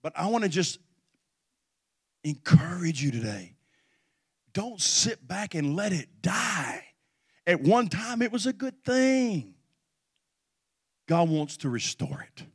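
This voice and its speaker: A middle-aged man preaching as a pastor, his voice sitting high for a man. He moves from storytelling to loud, rousing exhortation with call-and-response. The sound is close and dry. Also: sing-song, slow pace, pauses often, breathy edge, dry recording. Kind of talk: sermon.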